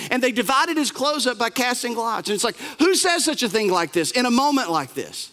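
A man's voice: extremely high pitch, big pitch swings, brisk, pushed and bright. Impassioned male preacher in a reverberant hall. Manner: dramatic, impassioned storytelling. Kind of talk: sermon.

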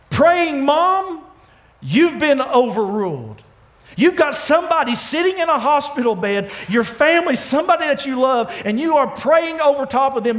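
A man preaching a sermon in a church, with dramatic pauses, swinging from loud, pleading lines to hushed ones. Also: very high voice. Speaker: pastor. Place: church sanctuary.

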